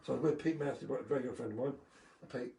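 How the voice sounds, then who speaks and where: A former motocross champion tells rambling stories on a live video call, full of fillers and chuckles. His mid-range voice is creaky and steady in tone, and he talks very fast over crowd noise. The room is echoey, the mic distant, with faint noise.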